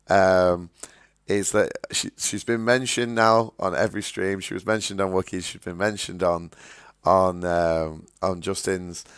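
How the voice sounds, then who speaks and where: A man's voice: low voice, no room sound, studio quality. A man hosting a podcast in casual chat, stumbling over his words and repeating himself. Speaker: podcast host.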